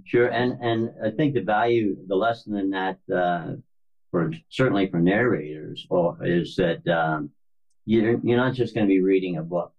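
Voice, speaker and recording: Deep, husky-voiced male author on a dull line. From Florida, US. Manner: halting, many fillers and restarts. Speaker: author and podcast guest. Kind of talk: conversational interview.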